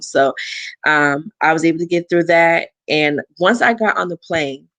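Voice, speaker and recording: A young adult woman, a guest, telling a personal story and acting out the dialogue with big jumps in pitch. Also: normal speed, no room sound. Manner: animated, acts out quoted dialogue with big pitch swings.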